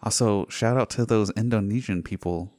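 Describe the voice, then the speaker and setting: A man's voice: fairly low pitch, moderate pace, darkish tone, no room sound. A man co-hosting a casual podcast, trading dry jokes with his friends. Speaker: podcast co-host. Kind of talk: casual chat.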